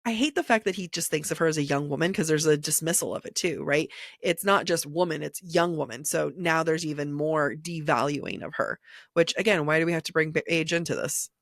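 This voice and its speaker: A woman's voice: sits low, fairly quick, vocal fry, no room sound, clean studio sound. A woman co-hosting a book podcast, talking through a novel in a thoughtful, conversational way. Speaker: podcast co-host. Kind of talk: casual book discussion.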